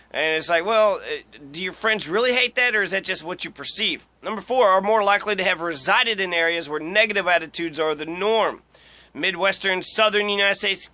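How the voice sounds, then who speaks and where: A man's voice: sits high, sharp tone, no room sound. A young man giving casual, profane commentary while reading through a list, ranting and mocking. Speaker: video commentator.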